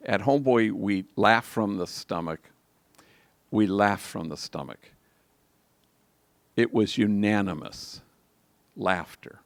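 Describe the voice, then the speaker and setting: A man's voice: mid-range voice, dry recording. An older man, a priest, telling a story in a reflective homily at a live liturgy. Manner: slow, reflective, gravelly delivery.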